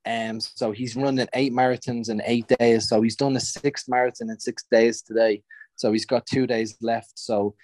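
A man's voice: medium pitch, little pitch movement, moderate pace. A young man with a Dublin accent, a footballer chatting casually as a podcast guest, laughing often. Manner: chatty, laughs often, gives shout-outs.

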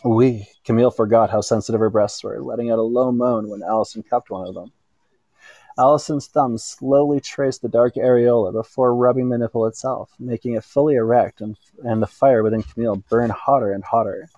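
A man reading an erotic story aloud in an unhurried way, now and then stumbling and correcting himself. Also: medium pitch, steady tone, warm tone, dry recording, dull audio. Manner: unhurried reading with small slips and self-corrections. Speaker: narrator.

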